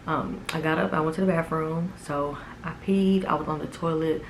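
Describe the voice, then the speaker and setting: Twenties woman vlogging her story, low voice, chatty and emphatic, lots of "like". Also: steady tone, normal speed, a little hiss or hum, poor audio. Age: 20s. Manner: casual and emphatic, with many "like"s and "okay?". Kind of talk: personal storytelling vlog.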